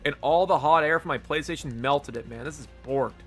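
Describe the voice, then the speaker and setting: A man's voice: on the high side, a little fast, a bit bright, soft background music. Laid-back, laughing male game streamer. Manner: laid-back, laughs often, chats with viewers. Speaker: live streamer. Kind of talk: casual live-stream chat.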